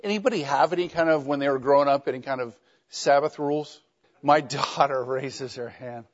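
A man's voice: mid-range voice, fairly quick. A middle-aged man teaching a class, lecturing conversationally with wry jokes and questions to students. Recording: dull lo-fi classroom recording.

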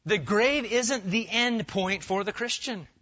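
Middle-aged male pastor, conversational expository preaching with questions to the room; bright, forceful tone, muffled lo-fi capture. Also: sits high, unhurried. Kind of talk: expository sermon.

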